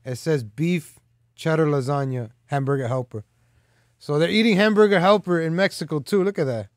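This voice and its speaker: A man with a voice pitched a little above the usual male range talks off the cuff as a live stream host. His delivery is loose and rambling, packed with "like" and "man" fillers, and it turns teasing and boastful. The sound is dry and close, with no room echo. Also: moderate pace. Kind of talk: casual rambling commentary.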